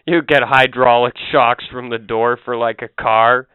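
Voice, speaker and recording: A man's voice: mid-range voice, slow, clear, resonant tone, dry recording, narrow, tinny audio. A man co-hosting a casual podcast, telling stories in crude, joking banter. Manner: profane, jokey storyteller. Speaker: podcast co-host.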